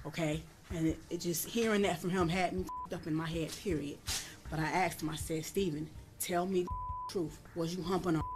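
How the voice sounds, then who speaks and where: A woman's voice: fairly low pitch, darkish tone. A woman testifying in a courtroom, blunt and profane, raising her voice when she re-enacts what was said. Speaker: defendant at a plea hearing.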